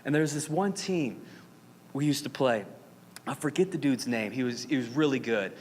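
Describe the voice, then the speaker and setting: A man in his thirties from Arizona, preaching a sermon as pastor with animated, dramatic storytelling and playful asides. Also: mid-range voice, normal speed. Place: church sanctuary. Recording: reverberant hall with faint noise.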